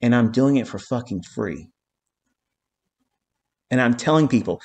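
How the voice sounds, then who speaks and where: A man's voice: mid-range voice, expressive, a little slow, gravelly, long pauses, darkish tone. A man ranting profanely at viewers. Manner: heated, profanity-laden ranting with repeated phrases; emphatic, hammering points with "okay?". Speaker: trading educator and live streamer. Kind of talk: profane live-stream trading lecture.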